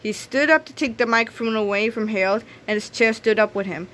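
A woman's voice: fairly high pitch, brisk, a bit bright. A woman reading a children's book aloud, telling the story with small slips and restarts. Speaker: reader.

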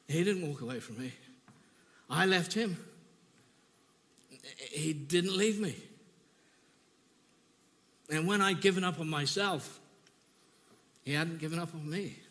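A man delivers a sermon in a church, his voice pitched high and bright. He speaks with deep feeling, often restarting and repeating phrases as he tells his own story. The recording carries the long reverb of a church hall. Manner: emotional, personal testimony with repetitions. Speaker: preacher.

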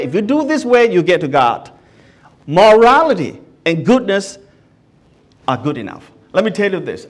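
Male pastor, high voice, earnest sermon with frequent restarts. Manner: earnest, asks the listeners many questions; often restarts words mid-sentence.

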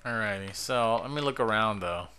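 A middle-aged man hosting a casual let's-play with his kid, excitable and slangy, laughing often. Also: lowish voice, normal speed, a little hiss or hum. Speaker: gaming channel host and father.

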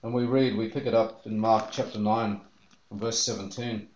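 A man's voice: fairly low pitch, little pitch movement, moderate pace, roomy sound, highs cut off. A man preaching a sermon as pastor, earnest and telling the story with feeling. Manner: earnest, acts out the disciples' voices in quotes.

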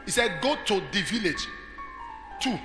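A man preaching a sermon, telling stories that rise to shouted declarations. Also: high voice, expressive, unhurried, reverberant, big-room sound, music in the background. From Nigeria. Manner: storytelling that builds to shouted declarations. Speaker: pastor. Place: large church hall.

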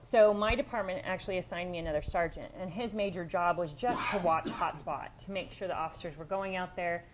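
A woman's voice: lowish voice, brisk, hardly any pauses, poor audio. Woman presenter, middle-aged, direct, conversational, restarts often, faint background hiss. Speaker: police sergeant presenting at a workshop. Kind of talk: conference presentation.

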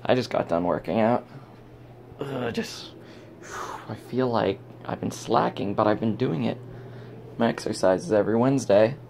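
A man's voice: fairly low pitch, moderate pace, gravelly, darkish tone, slight background noise. A young man vlogging at home into his phone, rambling from topic to topic and talking to himself. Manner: rambling, self-talking, jumps between topics. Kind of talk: casual rambling vlog. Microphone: handheld phone.

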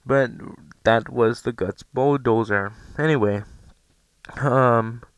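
A man's voice: medium pitch, slow, clear, resonant tone, dry recording. A young man giving casual let's play commentary over a headset, rambling and self-deprecating, with frequent ums.

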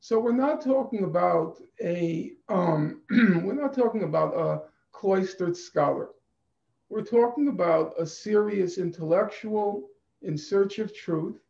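A man giving a deliberate, emphatic conference talk over a video call, repeating phrases for stress. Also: high voice, creaky, darkish tone. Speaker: conference speaker. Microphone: computer mic on a video call. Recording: echoey, dull video-call audio.

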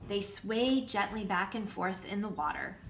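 A nursery school teacher, a woman, reading a picture book aloud to children with lively asides. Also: medium pitch, measured pace, gravelly, slight background noise. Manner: warm, lively storytelling with asides showing pictures.

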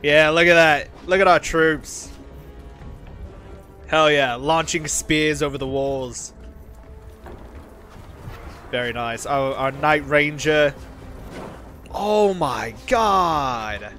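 A man giving excitable gameplay commentary, exclaiming often as the fight unfolds and rallying his troops. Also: a little high, extremely slow, pauses often, faint music behind. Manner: rallies his game troops with shouted battle cries. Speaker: gaming video host.

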